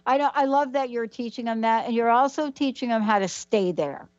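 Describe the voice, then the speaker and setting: A woman's voice: a little high, a little fast. Woman radio host, lo-fi sound. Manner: brief affirmations, warm praise of the guest. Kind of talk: interview hosting.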